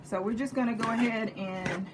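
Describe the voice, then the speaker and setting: A woman's voice: on the high side, normal speed, background noise. A woman with a Texas accent talking through a home cooking demonstration, chatty and jokey, checking in with viewers as she goes. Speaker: home cook. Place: home kitchen.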